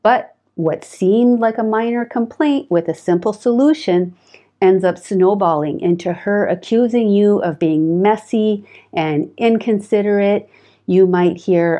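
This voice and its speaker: A woman presenting relationship advice in a calm, measured, scripted monologue. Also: mid-range voice.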